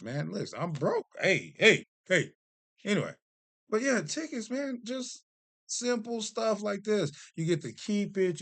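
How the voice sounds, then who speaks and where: A man in his thirties or forties chatting to camera as a vlog host, telling stories in an animated, joking, self-deprecating way. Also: fairly high pitch, no echo. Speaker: vlogger host. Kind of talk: casual chat to camera.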